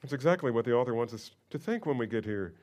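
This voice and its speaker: A man delivering a sermon with a mid-pitched voice. He moves between quiet, careful explanation and loud, emphatic bursts of conviction, speaking like a pastor teaching a congregation. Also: fast talker. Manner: expressive preaching, rising to loud emphatic outbursts.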